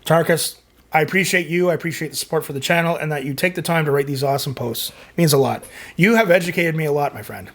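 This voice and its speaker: Chatty man, slightly high voice. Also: fast talker. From Canada. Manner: rambling, chatty, full of fillers. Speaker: music reaction channel host. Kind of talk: casual chat reading viewer comments.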